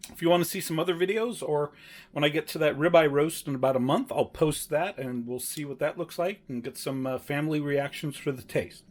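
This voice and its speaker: A man's voice: on the high side, fairly quick. A man casually narrating his home cooking, chatty and rambling, correcting himself often with plenty of fillers. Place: home kitchen.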